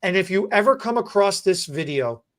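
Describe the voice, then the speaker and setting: Man, 40s, podcast host, halting and emotional storyteller. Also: high-pitched, expressive, a bit bright. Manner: halting, with many restarts and stammers, emotional. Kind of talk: casual storytelling.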